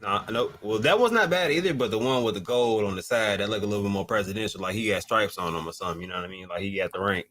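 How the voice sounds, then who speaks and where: A man co-hosting a casual livestream chat, playful and teasing with loud excited bursts. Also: fairly low pitch, fast, few pauses. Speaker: livestream co-host.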